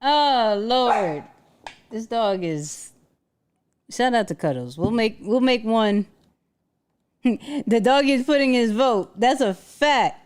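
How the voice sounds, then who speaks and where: Woman, livestream host, casual chat, lively pitch, dog in the background. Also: takes it slowly, long pauses, smooth. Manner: chatty, laughs often, talks to her dog and viewers. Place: home.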